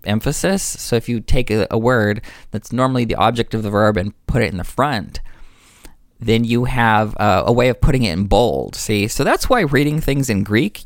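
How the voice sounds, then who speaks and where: A man's voice: medium pitch, no room sound, studio quality. A man talking earnestly and with enthusiasm about faith, explaining ideas and correcting himself as he goes. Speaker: religious discussion speaker. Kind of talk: earnest religious discussion.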